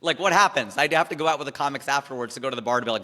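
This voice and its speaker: A man, a comedian, talking through stories and advice in a casual interview, animated with quick asides. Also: mid-range voice, big-room sound.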